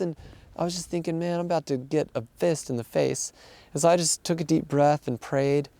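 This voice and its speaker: A man's voice: on the high side, a little fast, creaky, mellow, no echo. A man working as a missionary aid worker tells what happened in an earnest way, acting out the things people said. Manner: earnest storytelling, acting out quoted dialogue. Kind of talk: casual spoken account of events.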